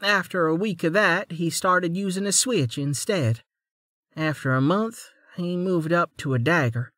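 A man voicing a hesitant young woman warrior who speaks softly and matter-of-factly in an audiobook. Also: on the low side, measured pace, no room sound, clean studio sound.

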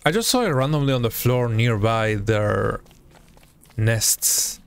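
A young man streaming a survival game, commenting live, excitable, yelping and talking to the creatures on screen. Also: mid-range voice, slow, gravelly, smooth. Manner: excitable, yelps and talks to the game. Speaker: gaming streamer.

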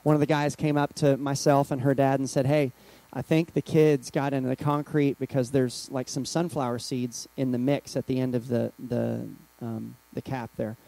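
Excitable man pastor with halting restarts. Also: medium pitch, creaky, poor audio. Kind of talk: sermon storytelling.

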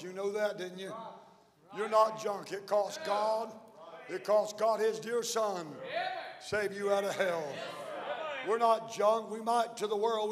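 High-voiced preaching man in a reverberant church. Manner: fiery preaching that swings between shouting and quiet teaching. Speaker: pastor. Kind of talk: sermon. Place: church sanctuary.

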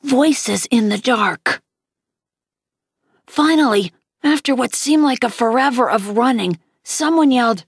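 A woman reading a novel aloud, lifting her pitch slightly for the characters' lines. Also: measured pace, breathy edge, no room sound, studio quality. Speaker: audiobook reader.

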